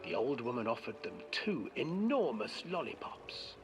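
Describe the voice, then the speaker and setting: A voice narrating a dark fairy tale on a horror game's ride, hushed and dramatic, often dropping into a whisper. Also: medium pitch, very animated, a little slow. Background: game music.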